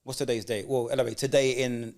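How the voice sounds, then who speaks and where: A man co-hosting a casual podcast chat, telling animated stories and acting out what people said. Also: mid-range voice, a little fast. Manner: animated storyteller, acts out quoted voices. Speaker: podcast co-host.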